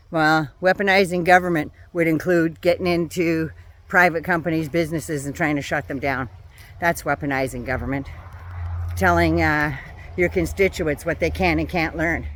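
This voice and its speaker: Older lady ranting into the camera, fired up, sarcastic, cussing a lot. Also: lowish voice. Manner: angry, sarcastic, swearing freely. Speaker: vlogger. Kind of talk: political rant to camera.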